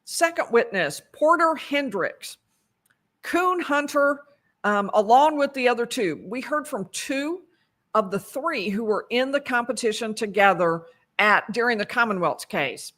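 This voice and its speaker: A woman's voice: on the high side, animated, unhurried, a bit bright. A woman giving a casual, conversational recap of a court trial, correcting herself as she goes and dropping dry asides. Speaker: legal commentator.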